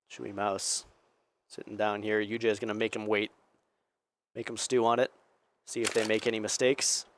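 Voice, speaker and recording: Young man calling esports play-by-play. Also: mid-range voice. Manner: energetic, voice climbing on big plays. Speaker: esports caster. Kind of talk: solo play-by-play commentary. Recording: game gunfire loud under voice. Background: game sound effects and gunfire.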